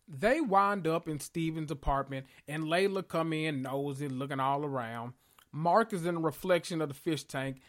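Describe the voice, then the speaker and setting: A man casually recapping a TV episode, sassy and profane, telling it like gossip. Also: a little high. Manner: sassy, profane, animated storytelling with slang.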